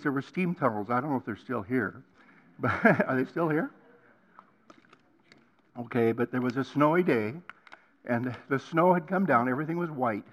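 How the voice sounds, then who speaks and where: An older man with a medium-pitched voice, a guest preacher, shares his personal testimony on a college campus. His delivery swings between hushed passages and loud, emphatic ones.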